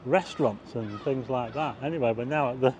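Brisk and a little mellow, a mid-range male voice narrates a rambling nighttime walk, with slight background noise. The vlogger points things out to viewers as he moves from a car park roof through town streets outdoors.

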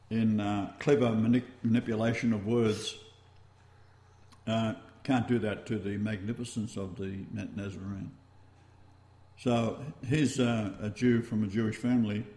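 A man with an Australian accent hosting a talk-radio show, rambling and halting as he goes. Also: lowish voice, dark tone, echoey room. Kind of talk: casual talk-radio chat.

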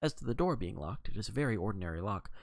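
Hercule Poirot, a man doing an excitable little detective. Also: on the low side, rapid-fire, vocal fry, dry recording, studio quality. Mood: clipped. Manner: agitated, exclaiming.

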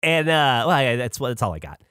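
His voice is mid-range and smooth, a little fast, captured with clean studio sound and no echo. This podcast co-host spins stories in relaxed conversation, animated and freely profane.

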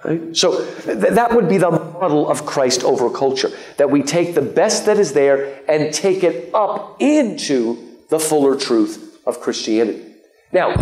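A man giving a live lecture to an audience, lively and joking, with many fillers and asides. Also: on the high side. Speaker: guest lecturer. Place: lecture hall. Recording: echoey lecture hall.

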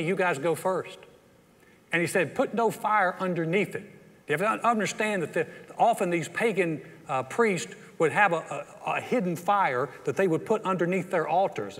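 A man with a Texan accent preaching a sermon as pastor, telling the story with animated energy and acting out the quotes. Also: on the high side. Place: church sanctuary. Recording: long church hall reverb.

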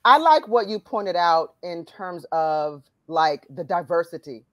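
A woman interviewing a guest in a lively, chatty way, laughing often and acting out quotes. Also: lowish voice, measured pace, no room sound, studio quality. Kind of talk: casual interview chat.

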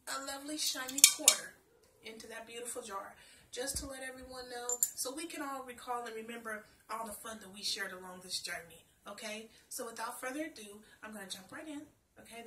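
A woman storyteller, chatty and expressive, reading her own children's story aloud. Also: on the high side, fairly quick, reverberant, far from the mic, a little hiss or hum.

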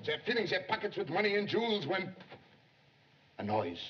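An actor playing an excitable young male police secretary who longs to be a detective, in 1930s film acting, jumpy and pleading. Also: sits high, moderate pace, a little hiss or hum. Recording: dull 1930s film soundtrack.

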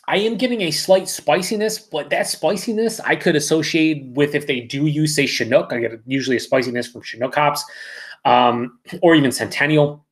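With a voice on the high side, a man hosts a live beer review in a casual way, reading viewer comments aloud, rambling and stopping to correct himself.

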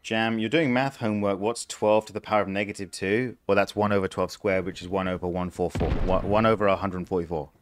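A man's voice: lowish voice, fairly even intonation, fairly quick, few pauses, slight background noise. A young man streaming a game live, chatting casually and explaining things step by step, with frequent restarts. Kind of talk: casual live gameplay commentary.

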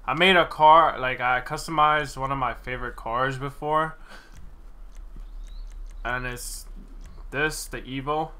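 Young man, game streamer, casual excitable commentary, unhurried, bright voice. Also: mid-range voice. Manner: excitable, laughs often, slangy.

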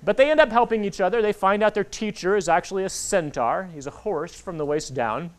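A man in his forties giving an animated talk to children at a library, acting out the voices in his stories. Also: sits high, fairly quick. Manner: animated storytelling, acts out quoted voices. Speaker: author speaking to kids. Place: public library hall. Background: audience of children.

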